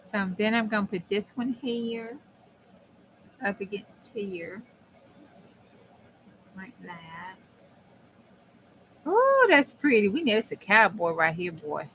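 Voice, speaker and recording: Slow-talking folksy woman crafting. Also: mid-range voice, fairly bright tone, a little hiss or hum, poor audio. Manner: folksy, chatty, talks to herself and viewers while working. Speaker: crafting channel host. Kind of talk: casual chat while crafting.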